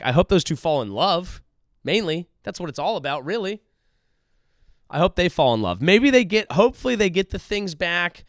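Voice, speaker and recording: A man's voice: on the high side, big pitch swings, normal speed, dry recording, clean studio sound. A male comedian hosting his own show, telling a profane, riffing story as a monologue from a hotel room. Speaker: comedian host.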